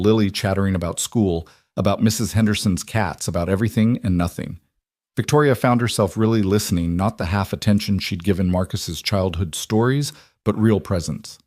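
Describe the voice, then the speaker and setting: A man reading a scripted story in an even, measured narration. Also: lowish voice, no echo, clean studio sound.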